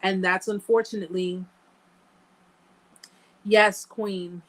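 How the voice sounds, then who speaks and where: A woman's voice: medium pitch, steady tone, slow pace, low-quality recording. A woman hosting a live-stream chat, talking earnestly and emphatically straight to her viewers. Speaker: host answering live chat.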